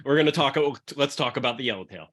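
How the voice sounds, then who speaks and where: A man's voice: medium pitch, lively intonation, quick pace, a bit bright. A man hosting a podcast, chatting loosely and profanely about wine. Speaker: podcast host pairing wines with comics. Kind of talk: casual chat.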